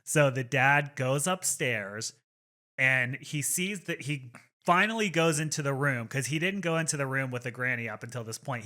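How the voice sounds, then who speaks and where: A man co-hosting a podcast, chatting casually and retelling a film's plot in animated detail, with casual swearing. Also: mid-range voice. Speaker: podcast co-host. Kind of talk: casual chat.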